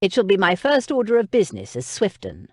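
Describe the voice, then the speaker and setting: A woman doing a gruff young earl. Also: high-pitched, huge pitch swings, brisk, darkish tone, dry recording, studio quality, heavily acted. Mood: determined. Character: newly made young earl, war veteran.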